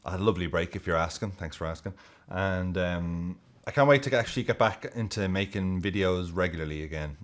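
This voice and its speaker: A man hosting a football video, giving jokey, excitable and sweary casual commentary. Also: low voice, brisk.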